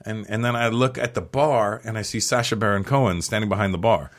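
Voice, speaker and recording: A man with a lowish voice spins a casual story as a guest on a chat show. He acts out the other people's lines as he goes and swears now and then. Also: a little fast. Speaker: podcast guest, comedian. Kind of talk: casual anecdote telling.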